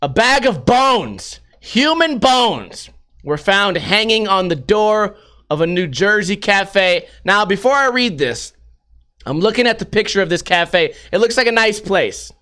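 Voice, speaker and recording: High, bright-voiced joking man. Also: animated, moderate pace. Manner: profane and joking, laughs often. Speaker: podcast host. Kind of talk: casual news commentary.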